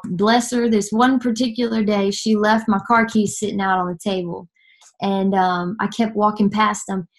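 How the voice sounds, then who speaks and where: A young woman from Nashville, giving an earnest personal testimony that halts and restarts often. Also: medium pitch. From Nashville, Tennessee. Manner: earnest, halting, many fillers and restarts.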